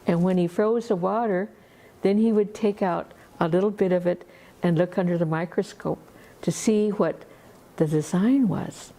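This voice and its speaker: A woman telling a story at a festival in an unhurried, conversational way, full of asides. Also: lowish voice, dark tone. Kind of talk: oral storytelling.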